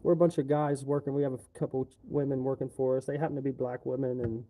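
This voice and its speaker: A man talks straight to his stream, venting in a loose, rambling rant full of swearing. His voice is deeply dark and mellow, at an ordinary pitch for a man. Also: little pitch movement, quick pace. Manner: profane, rambling complaints. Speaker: livestreamer. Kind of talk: casual ranting monologue.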